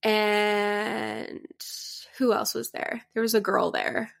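Speaking slowly in a level, mid-range voice with vocal fry, a young woman co-hosts a podcast. Her chat is casual and full of fillers and giggles.

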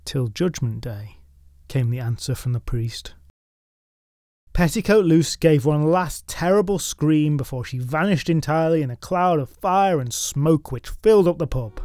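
A man narrating folklore stories from a script, with wry, deadpan asides. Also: a little high, normal speed, dry recording, studio quality. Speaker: storytelling podcast host.

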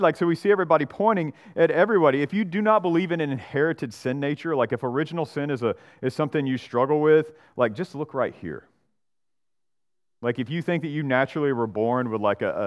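A man preaches a Bible sermon in an everyday, conversational manner, with a voice of middle pitch. He keeps checking in with listeners using "right?" and briefly acts out the figures he quotes in changed voices. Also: a little fast. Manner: acts out Bible characters and church members in voices. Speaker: pastor. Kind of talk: expository sermon.

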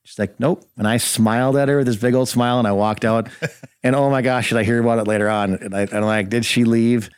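Fast-talking man telling a story. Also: mid-range voice, smooth, no echo, clean studio sound. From rural Minnesota. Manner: animated storyteller acting out quotes. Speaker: guest host. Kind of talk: casual storytelling chat.

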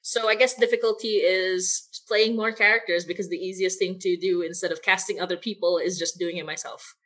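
A woman's voice: on the low side, fairly even intonation, a little fast, fairly bright tone. A woman who writes and voices an audio drama, chatting casually with frequent laughs and rambling asides. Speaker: podcast writer and voice actor. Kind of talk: casual behind-the-scenes chat.

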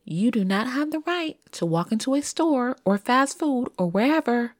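A woman's voice: a little high, animated, normal speed, dry recording, studio quality. A middle-aged woman telling a story in a chatty, emphatic way, asking rhetorical questions, as a podcast host. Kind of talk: casual storytelling monologue.

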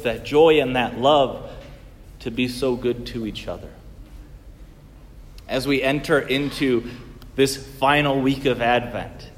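A man preaching a sermon as a priest, earnest, rising to loud emphasis and dropping to a near hush. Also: medium pitch, in a large hall. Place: church.

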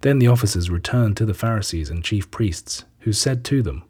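A man giving a steady scripted scripture reading in a husky voice. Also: lowish voice, moderate pace. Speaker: reader.

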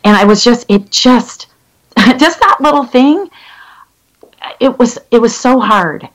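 A woman in her fifties, a guest telling her own story in a candid, halting way with many restarts. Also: on the high side, lively intonation, low-quality recording. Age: 50s. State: legally blind. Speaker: interview guest. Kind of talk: personal story in conversation.

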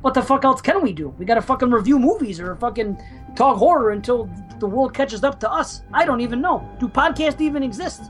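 A man's voice: very high voice, lively intonation, brisk, fairly bright tone, soft background music. A man co-hosting a horror movie podcast, rambling in a frantic, profane way. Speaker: podcast co-host. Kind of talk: casual horror podcast banter.

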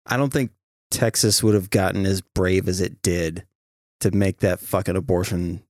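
In clean studio sound with no echo, a man with a low voice speaks at a moderate pace. He's a podcast host, and his casual chat is animated storytelling laced with plenty of profanity.

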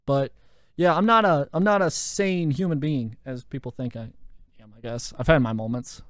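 A young man hosting a podcast, telling a story in a lively, profane way with lots of fillers, into a handheld mic. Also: on the high side, normal speed, no room sound, clean studio sound. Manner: animated, profane, full of fillers. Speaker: podcast host. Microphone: handheld microphone.

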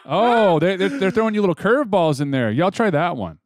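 Lively jokey man, fairly high voice. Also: fairly quick, dry recording, studio quality. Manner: jokey, laughing often, animated. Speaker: podcast co-host. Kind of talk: casual chat, reading tongue twisters.

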